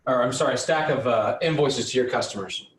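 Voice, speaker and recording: A man's voice: mid-range voice, brisk, reverberant, far from the mic, slight background noise, rough recording. A man coaching auto repair shop owners on a live online call. He talks in a fiery, blunt, motivational way with some mild swearing.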